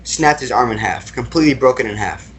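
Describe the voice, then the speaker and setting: A man's voice: medium pitch, lively intonation, a little fast, fairly bright tone, a little hiss or hum. A young man recounting personal experiences as a podcast guest, talking casually with lots of fillers and repeated words.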